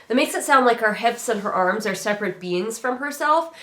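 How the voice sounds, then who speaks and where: A woman's voice: on the high side, expressive, a little fast, bright, forceful tone. A woman picks apart a book in a sarcastic, chatty tone, leaning on filler words as she goes. Her voice sounds a bit worn. She is recorded at home, and the room gives a noticeable echo. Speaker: book reviewer. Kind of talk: sarcastic casual book critique. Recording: roomy echo.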